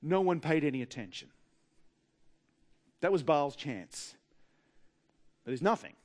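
A man with an Australian accent preaching a sermon in a wry, humorous way, with dramatic pauses. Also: on the high side, animated.

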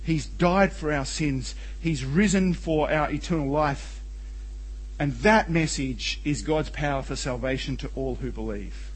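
A man's voice: fairly high pitch, a little slow, husky, poor audio. A man preaching a sermon as a pastor, earnest and emphatic, with rhetorical questions. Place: church.

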